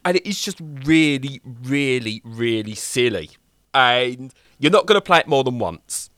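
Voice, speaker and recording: A young man co-hosting a casual chat, rambling and animated as he acts out little voices. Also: mid-range voice, measured pace, no room sound, clean studio sound. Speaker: podcast co-host reviewing games.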